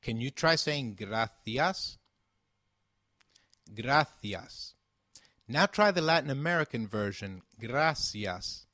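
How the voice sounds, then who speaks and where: A man teaching a beginner language lesson, speaking slowly and carefully enunciating each word, with patient prompts and praise. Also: medium pitch, animated, bright, forceful tone, no echo, clean studio sound.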